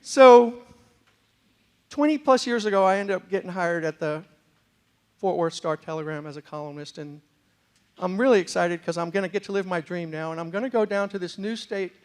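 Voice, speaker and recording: A man's voice: sits high, normal speed, clean tone. A middle-aged man with a mixed New York and West Virginia accent, telling funny stories as a motivational speaker to a university audience. He acts out other people's voices with comic timing. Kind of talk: humorous storytelling talk. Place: university lecture hall with a live audience.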